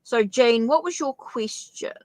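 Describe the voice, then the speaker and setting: A woman's voice: on the high side, measured pace, dry recording, poor audio. A middle-aged woman with a New Zealand accent, chatting her way through a live-streamed tarot reading, thinking aloud with frequent restarts. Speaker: tarot reader.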